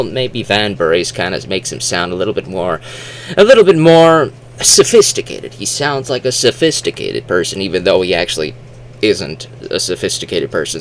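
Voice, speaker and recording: Rambling, animated man riffing on a game. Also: low-pitched. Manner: rambling, many restarts and fillers; acts out silly exaggerated quotes. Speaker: video essay host. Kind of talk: casual spoken commentary.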